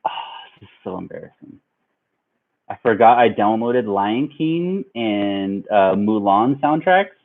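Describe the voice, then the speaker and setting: Young male vlogger, low-ish pitch, relaxed rambling storyteller, thin phone-like audio. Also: a little slow, vocal fry. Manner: rambling, laid-back, lots of fillers. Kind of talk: casual storytelling. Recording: tinny phone-like sound.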